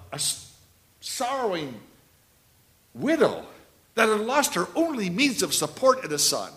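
Preaching a sermon, a roughly seventy-year-old man with a high-pitched voice shares anecdotes and repeats key phrases, shifting back and forth between loud and quiet delivery.

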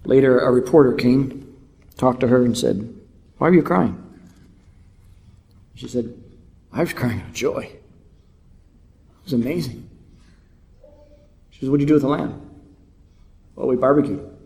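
A man preaching a sermon with dramatic swings between hushed whispers and loud cries. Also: mid-range voice, moderate pace, gravelly, pauses often. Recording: echoey hall.

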